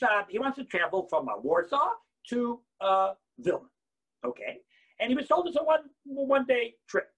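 This high-voiced man gives a lively talk on repentance from the Torah, lurching between booming outbursts and barely audible whispers.

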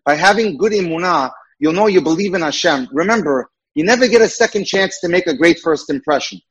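A man's voice: high voice, lively intonation, brisk, fairly bright tone, slightly rough, dull audio. A man giving a lecture-style talk as a dating mentor, earnest and emphatic, repeating his key points.

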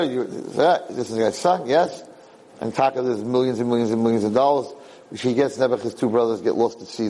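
A man tells a parable as a lecturer, animated and lively, mixing Yiddish words into his English. His voice sits at an ordinary middle pitch. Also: slight background noise, poor audio. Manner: animated storyteller, Yiddish-sprinkled. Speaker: Jewish lecturer.

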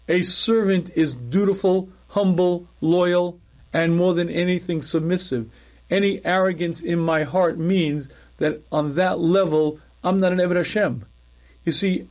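Emphatic man giving a measured Torah lecture. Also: on the high side, a little mellow. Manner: measured, emphatic, repeats key phrases, clears throat often. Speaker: rabbi teaching a class.

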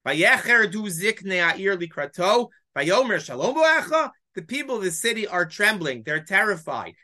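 Bright-voiced teacher explaining a text. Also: medium pitch, very animated, normal speed. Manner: explanatory, poses rhetorical questions, reads Hebrew verses aloud. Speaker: Bible teacher. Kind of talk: weekly text-study lesson.

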